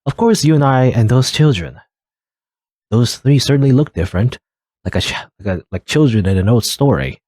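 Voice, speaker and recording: A man voicing a calm village elder who soothes and reasons with a grieving parent in a video game read-through. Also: medium pitch, moderate pace, no room sound, studio quality, natural voice. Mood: soothing.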